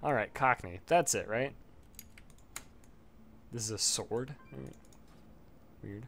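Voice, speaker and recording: A man's voice: mid-range voice, slow, creaky, fairly bright tone, a little hiss or hum. Rambling, foul-mouthed man gaming. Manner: rambling, swears freely, laughs often. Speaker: gamer leveling a character. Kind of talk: casual gameplay commentary.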